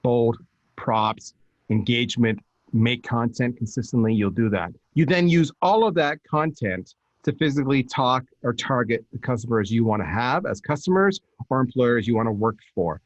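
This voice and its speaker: A man, a podcast guest, giving emphatic, animated marketing advice in casual talk. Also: medium pitch, moderate pace, dry recording, dull audio. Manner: energetic, emphatic, animated storytelling with restarts.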